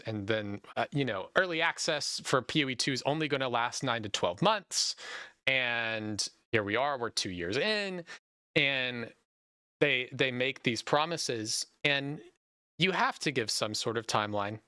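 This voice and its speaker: Bright-voiced young man chatting on a podcast. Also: mid-range voice, normal speed, dry recording, studio quality. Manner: animated, talks in long run-on stretches. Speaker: podcast host. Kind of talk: casual podcast chat.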